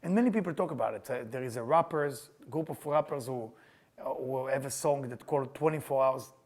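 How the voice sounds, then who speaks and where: A man's voice: mid-range voice, brisk, darkish tone. An older man teaching a Kabbalah class, emphatic, repeating his questions, with non-native English grammar. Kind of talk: spiritual class lecture.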